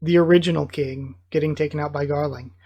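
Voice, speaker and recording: Excitable comic-reaction host. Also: medium pitch, a little fast, slightly rough, dull audio. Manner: excitable, bursts of enthusiasm between plain read-aloud passages. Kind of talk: live reaction while reading aloud.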